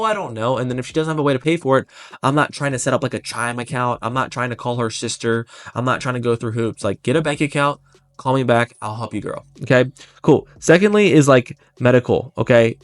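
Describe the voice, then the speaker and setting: A man coaching life insurance agents in a blunt, intense, motivational way, talking in quick bursts. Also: mid-range voice, dry recording. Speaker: life insurance sales trainer. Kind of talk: motivational sales coaching talk.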